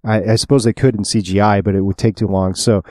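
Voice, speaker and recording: A man's voice: fairly low pitch, fairly even intonation, quick pace, a little mellow, no room sound. Chatty man podcaster, dry close sound. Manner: chatty, trivia-sharing, laughs often. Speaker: podcast co-host. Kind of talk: casual chat about films.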